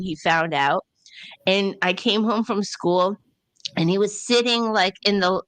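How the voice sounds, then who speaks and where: Bright-voiced woman telling a story. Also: mid-range voice. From Ontario, Canada. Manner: animated, laughing, acts out quotes. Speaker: podcast co-host. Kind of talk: casual storytelling.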